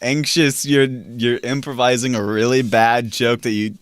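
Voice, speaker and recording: A man's voice: medium pitch, little pitch movement, a little slow, smooth. A young man co-hosting a podcast, making dry, teasing remarks in casual chat. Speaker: podcast co-host.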